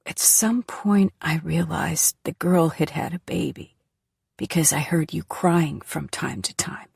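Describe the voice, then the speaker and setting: A woman reading the part of a frail, sick middle-aged woman who tells her story in a weak, halting, tearful way. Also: deep voice, creaky, darkish tone, slightly rough, no room sound, studio quality, full character voice. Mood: grieving. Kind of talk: audiobook character voice.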